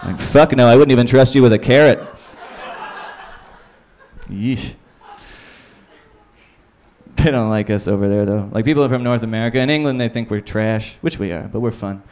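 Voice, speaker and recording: A man's voice: mid-range voice, normal speed, long pauses, darkish tone. A man from Canada performing a crude, rambling stand-up set in a small comedy club, slipping into silly voices for bits.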